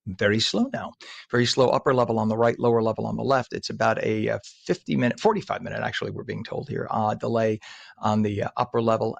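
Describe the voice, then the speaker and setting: Brief: male New morning host, joking traffic reads, some fry, dry close mic. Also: on the low side, no room sound. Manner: jokey, chatty, ad-libbing. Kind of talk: casual radio traffic report. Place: radio studio. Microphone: studio mic. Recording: dry studio sound.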